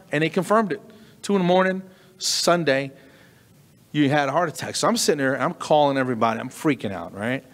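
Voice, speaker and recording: A middle-aged man performing stand-up comedy, telling a story with animated delivery and sudden high squeaks of disbelief. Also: fairly quick. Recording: long reverberant hall.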